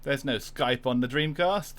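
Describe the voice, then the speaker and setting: A man's voice: medium pitch, a little slow, fairly bright tone. A man streaming a retro racing game, chatting casually and laughing at his own setup troubles. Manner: chatty, self-deprecating, laughs often. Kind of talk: casual gameplay livestream chat.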